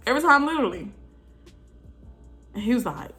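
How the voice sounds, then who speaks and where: A woman vlogger casually telling her birth story to viewers, animated and chatty, with frequent asides to the audience. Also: medium pitch, unhurried, music in the background.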